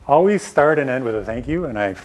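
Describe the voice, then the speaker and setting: A middle-aged man giving a live workshop talk on presenting science to a small room, direct and emphatic with casual asides. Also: mid-range voice. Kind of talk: live lecture to a small audience.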